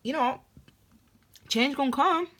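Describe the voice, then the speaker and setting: A woman's voice: sits high, unhurried, background noise. A woman giving a casual spoken tarot reading to camera, talking emphatically and rambling with many restarts. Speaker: tarot reader.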